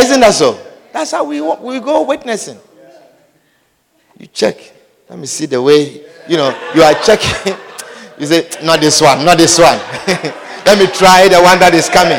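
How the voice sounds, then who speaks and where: High-voiced man preaching, super animated, jokey, acts out little scenes, lots of echo from the hall. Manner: lively, humorous, acts out scenes, repeats phrases, often asks "Do you understand?". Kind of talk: sermon. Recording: long hall reverb.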